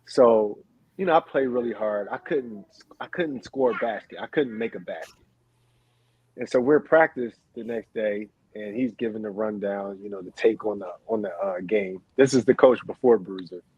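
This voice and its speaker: A man's voice: on the low side, moderate pace, slightly rough, muffled recording. A man, a former basketball player, telling stories as a podcast guest and laughing often as he talks. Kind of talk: casual storytelling.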